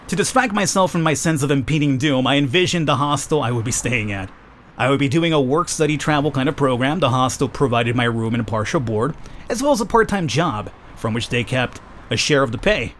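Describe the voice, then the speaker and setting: A man with a medium-pitched, fairly bright voice hosts a let's play, reading a visual novel aloud and breaking off for joking, self-mocking asides. There is slight background noise.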